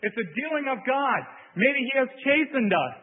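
A man's voice: very high voice, lively intonation, moderate pace, slightly rough. A man preaching a sermon, earnest and repetitive, often stopping to stress a point. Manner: earnest, repetitive emphasis with "see". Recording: phone-like audio in a long-reverb hall.

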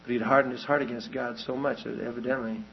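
A man's voice: mid-range voice, little pitch movement, fast, creaky, husky, lo-fi sound. A man preaching a sermon, telling a long story in a loose, rambling way and then pressing his point with rising urgency.

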